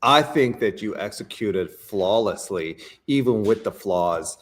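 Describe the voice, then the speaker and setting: Brief: Canadian-accented male guest, low-pitched, animated and rambling, stumbling restarts. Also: measured pace. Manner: animated, stammering restarts and many fillers. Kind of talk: casual interview chat.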